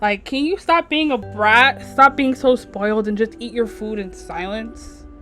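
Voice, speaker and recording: A woman voicing a strict, drunk father in a life-sim game, scolding loudly. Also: fairly high pitch, a little slow, faint music behind. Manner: loud, scolding. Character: strict, angry drunk dad yelling at his teen.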